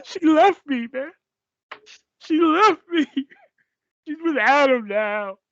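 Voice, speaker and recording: A man doing a loud, melodramatic impression of a heartbroken male wrestler. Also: very high voice, animated, slow pace, dry recording, pitched above the performer's own voice, full character voice. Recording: dull lo-fi podcast mic.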